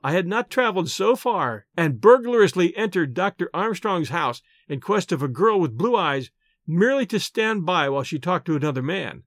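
A man narrating a story in the first person, reading in a measured, expressive manner. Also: high-pitched, no echo, studio quality. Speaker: audiobook narrator. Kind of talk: scripted narration.

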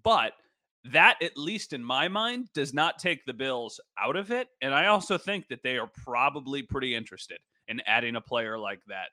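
Bright-voiced self-deprecating sports podcaster. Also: male voice, mid-range voice, no echo. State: just recovered from a nasal cold. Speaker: sports podcast co-host, former TV reporter. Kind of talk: casual podcast chat.

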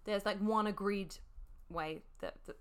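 A woman's voice: medium pitch, a little slow, clear, resonant tone. A woman co-hosting a casual podcast, hesitant with many ums, spelling words out. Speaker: podcast co-host. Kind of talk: casual chat.

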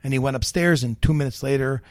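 Brief: middle-aged male chef, lively raconteur, close dry podcast mic. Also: medium pitch, fast talker, no echo. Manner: animated storyteller, many fillers, quotes others. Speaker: guest chef. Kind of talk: storytelling interview chat.

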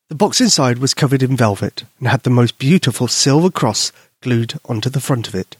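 A man gently and expressively reading a children's bedtime story aloud. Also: medium pitch, moderate pace, husky, no room sound, clean studio sound. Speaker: narrator.

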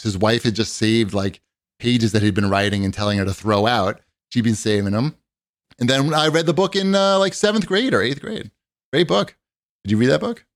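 A man's voice: mid-range voice, no echo. A man chatting casually as a co-host, telling rambling, profane stories full of fillers. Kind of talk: casual chat.

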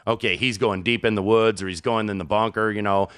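A man's voice: fairly low pitch, steady tone, a little fast, fairly bright tone, clear, resonant tone, dry recording, studio quality. A man co-hosting a sports betting radio show, talking casually in a laid-back way with short replies.

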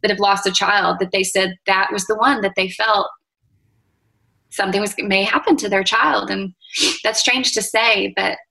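Woman, 30s, interview guest; gentle, reflective delivery, bright tone. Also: mid-range voice, fairly even intonation, vocal fry, poor audio. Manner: soft-spoken, tender, reflective with pauses and fillers. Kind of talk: emotional interview conversation.

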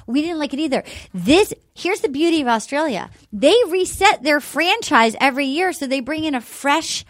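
A woman's voice: sits high, animated, no room sound, clean studio sound. Bubbly rambling woman podcast host. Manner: bubbly, rambling, quick self-corrections. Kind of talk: casual chat, promoting a live show.

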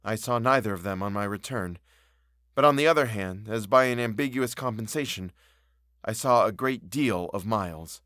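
A man narrating a classic novel in a measured, expressive reading. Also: fairly low pitch, no echo, studio quality. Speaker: audiobook narrator.

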